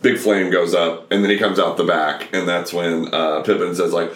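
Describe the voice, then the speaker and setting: A man's voice: low voice, fairly even intonation, a bit bright. A man co-hosting a casual podcast chat who talks with many fillers and laughs. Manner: slow, laughing, with frequent fillers. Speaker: podcast co-host. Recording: roomy room sound.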